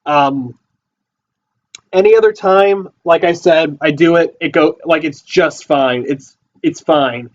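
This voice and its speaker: A man's voice: a little high, slow pace. A man hosting a casual livestream from a basement, rambling and repeating himself with lots of fillers, recorded on a phone or computer mic. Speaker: livestream host. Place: house basement. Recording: dull lo-fi phone audio.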